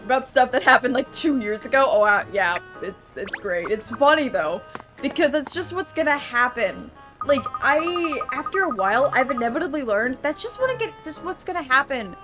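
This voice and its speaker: Young woman streamer, high voice, rambling and profane, laughs a lot, faint music underneath. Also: big pitch swings, moderate pace. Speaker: VTuber streamer. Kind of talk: casual live-stream chat while gaming.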